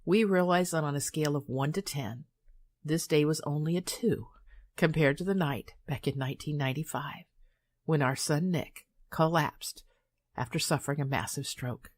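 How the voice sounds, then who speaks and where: Calm older woman reading her memoir. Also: deep voice. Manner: calm, measured and soothing. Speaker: author and hypnotist.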